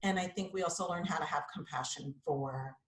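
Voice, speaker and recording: A candid, chatty woman in her fifties, talking as a guest yoga instructor in a relaxed interview. She fills her speech with casual asides. The recording has a noticeable roomy echo. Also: low-pitched, fairly quick. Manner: candid, chatty, frequent likes and you-knows.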